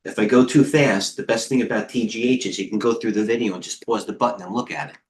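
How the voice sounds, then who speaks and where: A middle-aged man hosting a live trading stream, giving casual market commentary in a rambling way, with quick asides, restarts and talking to himself. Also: fairly low pitch, fairly even intonation. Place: indoor room with a heater on.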